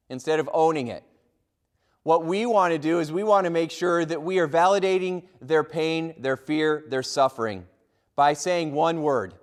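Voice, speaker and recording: A middle-aged man giving a humorous motivational keynote, telling lively stories and acting out the voices of people in them. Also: fairly high pitch, moderate pace. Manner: lively, acts out quoted voices. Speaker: motivational speaker.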